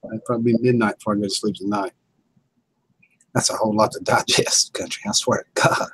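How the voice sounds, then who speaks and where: A man's voice: fairly low pitch, fairly even intonation, fairly quick, a bit bright, slightly rough, no room sound, poor audio. A man hosting a casual livestream, chuckling and telling laid-back stories to viewers. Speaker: livestream host.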